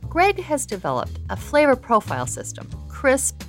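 A woman hosting a radio show, reading brisk scripted introductions. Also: sits high, wildly swooping pitch. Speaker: radio host. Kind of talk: radio presenting. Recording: music bed under the voice.

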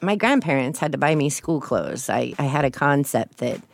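A woman's voice: extremely low pitch, sing-song, moderate pace, vocal fry. A woman from Texas, speaking as an interview guest, telling her own story in a casual, candid way.

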